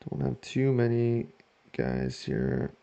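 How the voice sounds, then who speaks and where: A man giving casual let's-play commentary on a football management game, joking to himself and shouting when his team scores. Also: medium pitch, takes it slowly, gravelly, muffled recording. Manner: excitable, jokes to himself, shouts at goals. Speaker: video game player.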